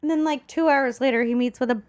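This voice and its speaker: A woman's voice: high-pitched, fast talker, a little mellow. A woman co-hosting a casual political chat, incredulous and sarcastic. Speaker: podcast co-host.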